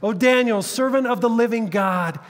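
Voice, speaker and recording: A man voicing an ancient king who calls out in anguish, shouting desperately into a pit. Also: very high-pitched, moderate pace, in a large hall, pitched above the performer's own voice. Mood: anguished calling.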